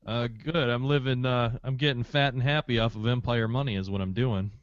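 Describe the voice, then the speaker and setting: A man's voice: mid-range voice, steady tone, brisk, smooth, no room sound, highs cut off. A man speaking as his character in a tabletop role-playing game, casual and joking, with a little swagger. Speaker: player.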